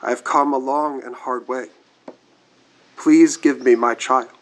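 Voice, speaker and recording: A man's voice: mid-range voice, steady tone, unhurried, natural voice, poor audio. A man voicing an eager young mother who pleads for her child in a story told from the pulpit. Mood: pleading.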